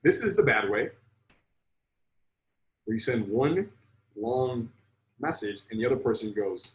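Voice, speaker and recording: A sales coach with a mid-pitched voice teaches a live sales lesson to an online group, speaking bluntly and emphatically and swearing often to land his points. He's expressive but a little slow, with long pauses, in a room with noticeable echo.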